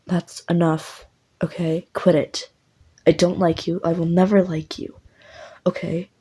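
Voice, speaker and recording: Girl doing a soft teasing boyfriend, low husky voice. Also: level tone, unhurried, low-quality recording. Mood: curt. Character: young man Vance, blunt then tender boyfriend.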